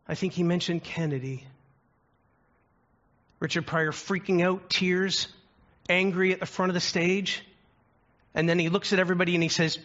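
Earnest preacher, a man with a higher voice. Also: fairly even intonation, normal speed, pauses often, fairly bright tone. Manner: earnest storytelling with rhetorical questions. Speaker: pastor. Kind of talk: sermon. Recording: dull lo-fi recording.

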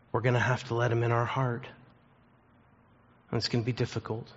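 A man preaching a sermon as a pastor, telling a story earnestly and slowing down for emphasis. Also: mid-range voice, steady tone, muffled recording.

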